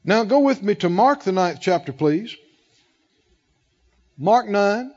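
A man preaching a sermon with a high, slow, deliberate voice that builds in emphasis and calls out questions for the congregation. The recording is dull and lo-fi. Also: expressive, a little mellow. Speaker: pastor.

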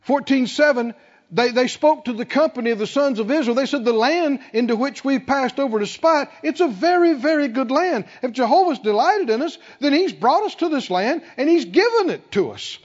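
A man preaching a sermon with emphasis, acting out quoted voices and building to loud peaks. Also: very high-pitched, expressive, normal speed. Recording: dull, reverberant hall sound.

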